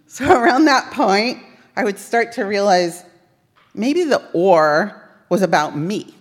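A woman's voice: medium pitch, big pitch swings, a little slow. A woman giving a sermon built around a personal story, wry and self-mocking as she tells it. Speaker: speaker at a Unitarian Universalist service. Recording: long reverb of a large hall.

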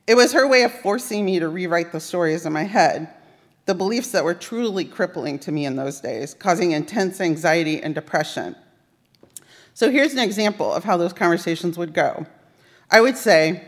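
A woman at a Unitarian Universalist service delivers a sermon built on a personal story, wry and poking fun at herself. Her voice is fairly low and expressive at a moderate pace, with the long reverb of a large hall.

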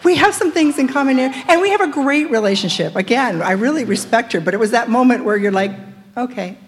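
A woman's voice: fairly high pitch, fast talker. Middle-aged woman telling a story in a hall. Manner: animated, acts out quoted dialogue. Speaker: group discussion participant. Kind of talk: storytelling in a group. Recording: long hall reverb.

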